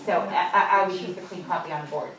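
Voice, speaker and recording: A woman teacher runs a small-group phonics lesson and pauses to explain it to other teachers. She draws out sounds and sentences slowly and clearly for the children. The recording is echoey and taken from a distance across the classroom, with a faint hiss behind her. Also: on the low side. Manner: clear, drawn-out classroom prompting.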